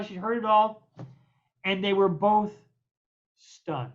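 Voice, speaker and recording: A man's voice: high-pitched, fairly even intonation, slow pace, pauses often, fairly bright tone. An older American man, a guest poet, tells stories from his past in an interview. He acts out the other voices in his tales, stammers and repeats words. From United States. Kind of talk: anecdotal storytelling in an interview. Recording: dull lo-fi recording.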